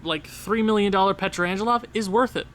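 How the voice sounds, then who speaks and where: A man giving casual, excitable gameplay commentary, talking straight to the game as he plays. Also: high voice, fairly quick, slight background noise. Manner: excitable, talks to the game and players. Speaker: gaming channel host.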